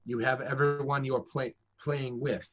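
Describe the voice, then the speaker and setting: A man's voice: medium pitch, level tone, unhurried. A man who works as a professional dungeon master, giving casual, chatty, self-deprecating advice in conversation. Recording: dull lo-fi audio.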